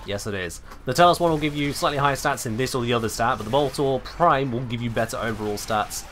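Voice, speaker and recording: A male game streamer giving live commentary, speaking with sweeping highs and lows like an old-time radio host. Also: quick pace, fairly bright tone, slight background noise.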